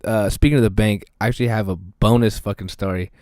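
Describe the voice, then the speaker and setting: A man's voice: on the low side, fast talker, no echo, clean studio sound. A man co-hosting a casual podcast, telling stories with lots of swearing and acted-out voices. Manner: swears constantly, animated storyteller who acts out voices. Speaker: podcast co-host. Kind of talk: casual chat.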